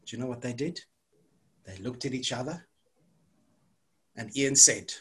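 A woman's voice: rumbling low, normal speed, long pauses. A woman telling a story to children at church, stopping often to ask them questions. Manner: animated, asks the children questions.

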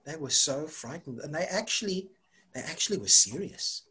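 Animated female children's storyteller with a swooping, lively voice who quizzes the kids. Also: deep voice, moderate pace. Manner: animated, asks the children questions.

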